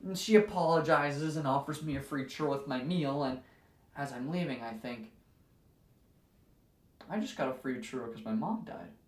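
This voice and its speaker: A man's voice: mid-range voice, moderate pace, long pauses, natural voice. A man performing a stage monologue as a weary, sardonic man who tells an awkward story and imitates the people in it. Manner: dry, sardonic storytelling with mimicked voices. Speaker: theatre student performing a monologue. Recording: roomy echo, mic far off.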